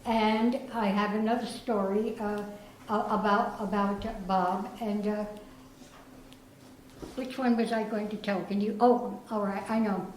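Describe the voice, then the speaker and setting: A woman's voice: medium pitch, steady tone, a little slow, darkish tone, slight background noise. An older woman from Germany giving a storytelling speech at a prize reception, her words slightly slurred from dental work. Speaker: guest speaker presenting prizes. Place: chess club reception room. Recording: echoey room, faint ambience.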